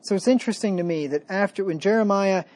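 A man preaching a sermon, reading scripture slowly with emphasis and then explaining it in a plain, conversational way. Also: high-pitched, a little mellow. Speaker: pastor.

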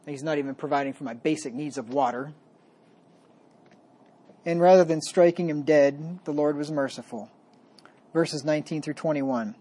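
A man delivers a sermon in a mellow, warm voice. He slows down to read scripture with weight, then speaks conversationally as he explains each verse. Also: a little high, breathy edge. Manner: reads scripture slowly and with emphasis, then explains plainly; conversational preaching. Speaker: pastor.

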